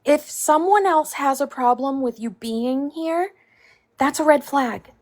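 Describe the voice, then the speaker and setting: Woman, enthusiastic, encouraging, fairly high voice, livestream guest. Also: measured pace, darkish tone. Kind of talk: livestream chat.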